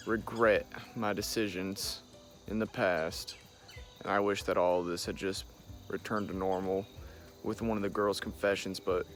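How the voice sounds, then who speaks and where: Guy doing a resigned doomed salem farmer vlogging, low voice, super slow, halting, says y'all. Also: fairly bright tone. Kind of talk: amateur vlog-style role-play.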